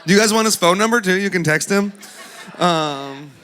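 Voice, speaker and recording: Man speaking at a conference, fairly high voice, chatty, jokey asides, casual talk. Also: moderate pace, bright, forceful tone. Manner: joking, chatty asides to the audience. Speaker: national director giving a conference talk. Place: conference hall before a crowd.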